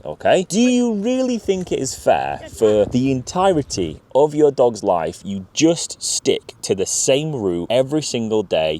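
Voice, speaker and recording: A man's voice: lowish voice, darkish tone. A man giving emphatic, direct training advice as a gundog trainer. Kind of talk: instructional talk to viewers.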